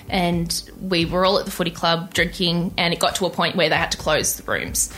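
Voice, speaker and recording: A young woman telling her personal story in an interview, candid and halting, with many restarts. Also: on the low side, fairly bright tone. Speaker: interview guest.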